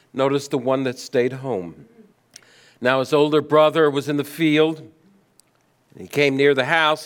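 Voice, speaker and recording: A man preaching a sermon, asking rhetorical questions and letting his voice swing between high emphasis and low, quiet stress. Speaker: pastor.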